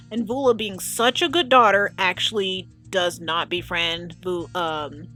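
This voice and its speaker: A woman's voice: mid-range voice, moderate pace, hardly any pauses, soft background music. Chatty woman reacting to a trailer. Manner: chatty, animated, lots of "like" and "oh my gosh". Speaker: video commentator. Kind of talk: casual reaction commentary.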